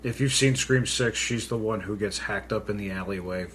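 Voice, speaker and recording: A man's voice: lowish voice, moderate pace, fairly bright tone, slight background noise. A man co-hosting a casual podcast from home, joking and self-deprecating as he talks through a movie. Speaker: podcast co-host. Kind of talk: casual chat. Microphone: pink studio mic.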